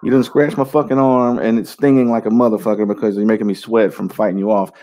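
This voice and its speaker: Guy cussing nonstop in a podcast rant, mellow darker tone, voice jumps all over. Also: on the low side, fast talker. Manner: crude, animated, swearing constantly. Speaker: co-host. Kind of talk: casual profane banter.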